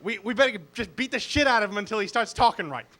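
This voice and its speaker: A man's voice: high voice, lively intonation, fast talker, a bit bright. A man voicing baffled, hostile playground bullies who mock and threaten. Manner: mocking, threatening.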